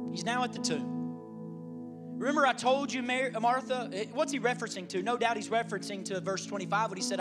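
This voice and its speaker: A middle-aged man preaching a sermon as pastor, acting out the voices in the story and swinging from loud, pressing lines to hushed whispers. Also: extremely high pitch, lively intonation, brisk, music in the background. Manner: dramatic, swings from loud shouting to hushed whispers, acts out quotes.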